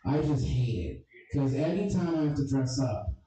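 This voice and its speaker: A man's voice: mid-range voice, big pitch swings, moderate pace, mellow. A man doing a stand-up comedy set with crude, abrasive and self-deprecating jokes. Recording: echoey room, distant mic, crowd audible.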